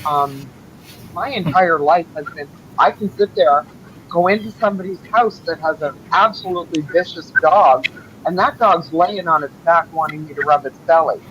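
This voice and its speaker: A woman's voice: low-pitched, moderate pace, lo-fi sound, a little hiss or hum. A woman guest talking earnestly in a casual chat.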